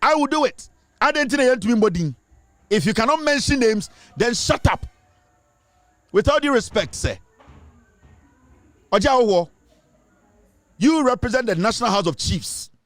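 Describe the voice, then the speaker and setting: Ghanaian male commentator, high-pitched and insistent, dry close sound. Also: animated, moderate pace, pauses often, fairly bright tone, no echo. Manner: emphatic, lecturing, switching between English and Twi. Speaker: online commentator. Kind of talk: impassioned social commentary.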